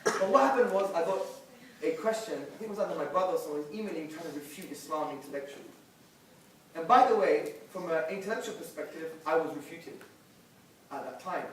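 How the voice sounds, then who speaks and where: A man telling a personal conversion story to an audience in emphatic bursts, switching between hushed and loud. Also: a little high, fairly quick, background noise. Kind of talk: animated personal testimony to a live audience. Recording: echoey hall, picked up from a distance.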